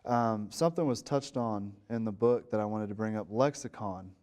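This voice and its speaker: A man hosting a casual interview in an ordinary mid-range voice. He builds his questions slowly, with fillers along the way. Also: lowish voice, darkish tone. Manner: long, rambling questions with fillers. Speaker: interviewer host.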